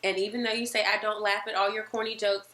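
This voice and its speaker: A woman co-hosting a casual podcast chat, telling stories in an animated way and acting out the lines people said. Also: mid-range voice, quick pace. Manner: animated storyteller who acts out quoted lines. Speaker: podcast co-host. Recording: roomy echo.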